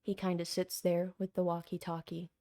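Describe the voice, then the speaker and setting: A woman game master narrating a tabletop game in slow, deliberate storytelling. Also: lowish voice, flat delivery, warm tone.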